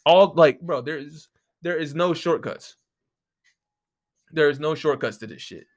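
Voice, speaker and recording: A man's voice: a little high, a little slow. A man hosting a podcast, ranting casually in a profane, exasperated way, close to the microphone. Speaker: podcast host.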